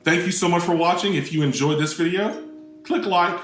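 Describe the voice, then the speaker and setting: A man presenting a children's lesson on puppetry, demonstrating voice warm-ups in an animated way. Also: sits high, normal speed, faint music behind. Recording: roomy, mic at a distance.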